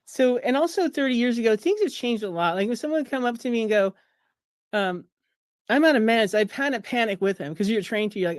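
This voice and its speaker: A woman's voice: expressive, fairly quick, no echo, studio quality. A woman in her fifties, a pharmacist and author, talking casually through her slides on a video call and mocking the system in a sarcastic tone. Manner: chatty, sarcastic, acts out quoted voices in a higher pitch. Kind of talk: casual presentation over slides at a streamed fundraiser.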